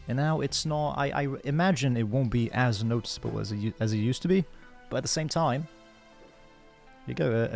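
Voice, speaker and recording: A man's voice: medium pitch, a little fast, creaky, darkish tone, soft background music. A man streaming a game in casual commentary, chatting and laughing in a put-on British accent, swearing when things go wrong.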